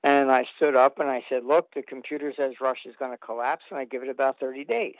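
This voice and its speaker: A man's voice: medium pitch, quick pace, no room sound, highs cut off. A man telling long anecdotes as an interview guest, rambling with fillers and restarts.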